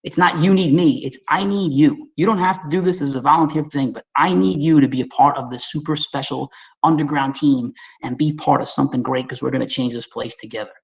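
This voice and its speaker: A man from Staten Island with a New York accent, presenting slides in a webinar in an energetic, folksy, conversational way and speaking straight to his audience. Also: on the high side, brisk, gravelly, poor audio.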